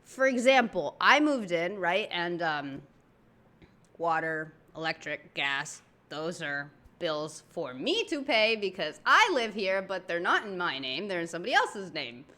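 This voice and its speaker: A woman in casual chat, telling a story in an animated, slangy way as she reacts to a comedy clip. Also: fairly low pitch, a little slow. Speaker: reaction video host.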